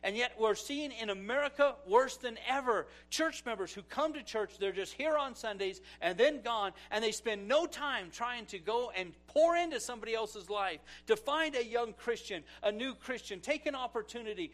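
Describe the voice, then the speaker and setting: A middle-aged male pastor preaching a sermon, swinging from loud exclamations to hushed asides as he tells stories and acts out quotes. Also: very high-pitched, lively intonation, normal speed, few pauses.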